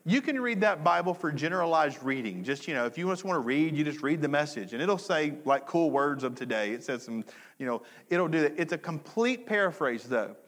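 A man's voice: a little high, expressive, brisk, fairly bright tone. A middle-aged man preaching a sermon to his congregation, talking conversationally, repeating key phrases and throwing questions back to the audience. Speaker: pastor. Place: church hall. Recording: long hall reverb.

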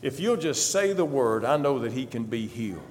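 A man's voice: medium pitch, animated, normal speed, slight background noise, voice pushed down, lightly acted. A preacher voicing an earnest male Roman officer who speaks with faith and urgency, recorded in a reverberant hall. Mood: pleading.

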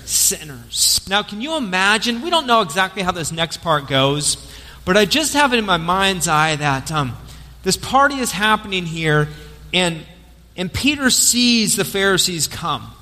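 A man preaching a sermon as a pastor, telling the story in a lively way over an amplified mic in a church. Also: high-pitched, normal speed. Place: church sanctuary. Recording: long church hall reverb.

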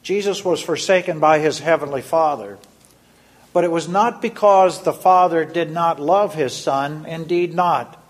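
A man reading a scripted Lenten devotion in a measured, solemn way. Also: a little high. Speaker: devotion reader.

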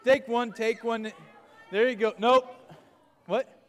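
Youth pastor, male, high and bright, animated crowd-work, reverberant hall. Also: slow pace. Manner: playful, animated, calling out to a crowd. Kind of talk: energetic youth group lesson with audience game.

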